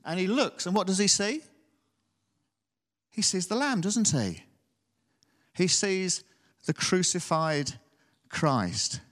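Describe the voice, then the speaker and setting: A man's voice: high-pitched, lively intonation, slow pace, long pauses, fairly bright tone, long reverb tail. A man preaching a sermon, reading scripture and then talking conversationally, often asking the congregation tag questions.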